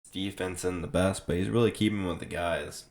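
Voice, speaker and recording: Very low, gravelly young man losing his voice. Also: fairly even intonation, fairly quick, darkish tone. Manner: rambling, restarts often, loose and offhand. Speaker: sports video host. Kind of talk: casual draft reaction commentary.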